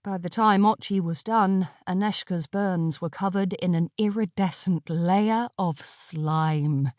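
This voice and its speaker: Female audiobook narrator, unhurried, expressive, dry close studio read. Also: on the low side, no room sound. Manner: measured, expressive storytelling.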